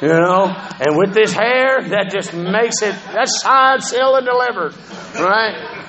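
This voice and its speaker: A man's voice: high-pitched, a little slow, sharp tone, low-quality recording. A man telling his recovery story as a personal testimony, conversational and profane, often checking in with the listeners. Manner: profane, conversational, keeps asking "you know what I'm saying".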